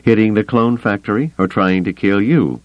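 A man voicing a gruff, sardonic middle-aged smuggler pilot who growls his blunt remarks, in an audiobook. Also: fairly low pitch, normal speed, no echo, muffled recording, pitched above the performer's own voice, natural voice. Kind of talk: audiobook character voice.

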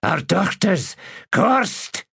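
A man voicing a frightened whiskered tavern keeper who speaks slowly in a rasping rustic dialect. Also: sits high, big pitch swings, pushed and bright, voice pushed up, heavily acted. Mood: fearful.

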